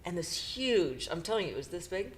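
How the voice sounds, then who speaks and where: A middle-aged woman co-hosting a podcast, retelling a painful personal story in a halting, emotional way with nervous laughs. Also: fairly low pitch, very animated, slight background noise. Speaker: podcast co-host.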